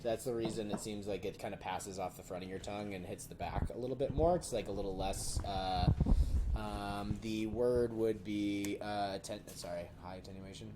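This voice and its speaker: A man hosting a casual podcast chat, animated and laughing often as he explains beer terms. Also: fairly low pitch, normal speed, noisy background. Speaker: podcast host.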